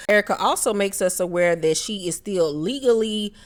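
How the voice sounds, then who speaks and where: A woman's voice: mid-range voice, normal speed, hardly any pauses. A young woman hosting a casual, blunt reality TV recap, swearing and throwing in exaggerated mock reactions. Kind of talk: casual commentary.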